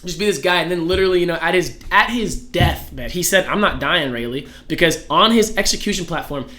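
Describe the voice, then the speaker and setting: A man talks casually on a podcast with a slightly raised pitch and a bright, forceful tone. He tells his stories with eager energy, dropping "like" constantly and swearing freely. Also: quick pace. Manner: excited storytelling, peppered with "like" and swearing.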